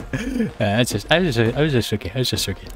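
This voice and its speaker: Slow, halting male livestreamer. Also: mid-range voice, creaky. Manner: halting, repeats words; playful teasing. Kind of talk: casual livestream chat.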